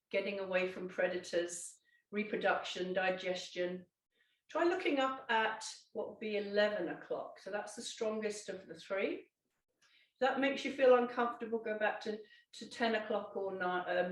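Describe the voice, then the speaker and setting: A woman, a Pilates instructor gently guiding a seated exercise, with calm instructions and small self-corrections. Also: mid-range voice, far from the mic. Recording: echoey room, voice off-mic.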